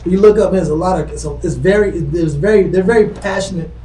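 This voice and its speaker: A man's voice: high-pitched, brisk, mellow. A man in a Bible class chiming in casually, loose and joking, full of slang. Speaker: class participant. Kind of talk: casual chat. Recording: roomy classroom from far off.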